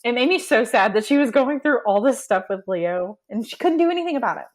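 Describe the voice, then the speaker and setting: A woman's voice: on the high side, expressive, brisk. A woman co-hosting a podcast, recapping a book in casual chat with indignant asides. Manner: chatty, indignant asides, retells scenes with quoted lines. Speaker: podcast co-host.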